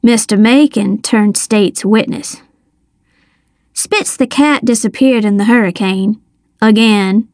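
A woman reading a first-person novel aloud with lively, expressive storytelling. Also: mid-range voice, slow, no echo, clean studio sound. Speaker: audiobook narrator. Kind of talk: scripted first-person narration.

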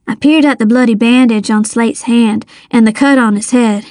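A woman reading a first-person children's adventure story aloud, measured and suspenseful, on a close mic. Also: a little high, fairly even intonation, a little mellow, dry recording. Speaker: audiobook narrator.

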